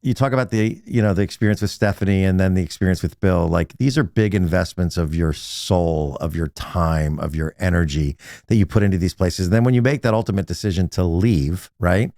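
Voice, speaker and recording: A man's voice: sits low, brisk, darkish tone, no echo, studio quality. A man hosting a podcast, asking long, reflective questions in a casual, rambling way and checking in with "right?". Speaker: podcast host. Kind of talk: casual interview chat.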